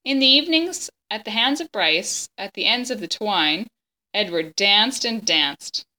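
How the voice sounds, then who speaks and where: A woman reading a children's chapter book aloud in a gentle, expressive way, stopping now and then to explain the pictures and the story. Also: medium pitch, a little slow.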